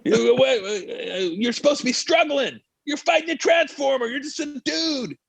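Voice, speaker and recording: A man putting on an angry male film director who yells and scolds, in an acted quote within a story. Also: extremely high pitch, moderate pace, creaky, no echo, voice pushed up. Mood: angry yelling. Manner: yelling, scolding.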